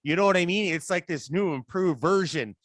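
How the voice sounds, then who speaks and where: Excitable, swearing podcast host, dry sound. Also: male voice, high-pitched, brisk, no room sound. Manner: excitable, profane, trailing restarts. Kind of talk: casual podcast chat.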